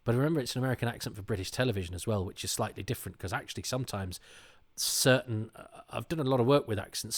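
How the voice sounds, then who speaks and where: A middle-aged man hosting a podcast, talking in a casual monologue with animated, indignant storytelling. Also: lowish voice. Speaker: podcast host.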